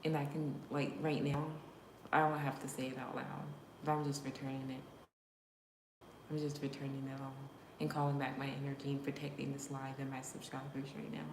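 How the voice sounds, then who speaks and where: Low-voiced woman chatting on a livestream. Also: monotone, brisk, noisy background. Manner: talks straight to viewers, drops into whispers, laughs often. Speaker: livestream host. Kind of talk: casual livestream chat. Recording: roomy room echo.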